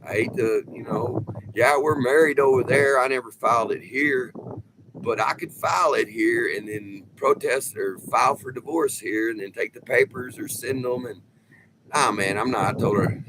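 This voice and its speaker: A man's voice: medium pitch, background noise. A middle-aged man, talking in a loose, profane, rambling way as he tells stories, calling people "man" again and again. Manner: loose and profane, drawn-out storytelling with lots of "man". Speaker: vlogger. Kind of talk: casual rambling chat.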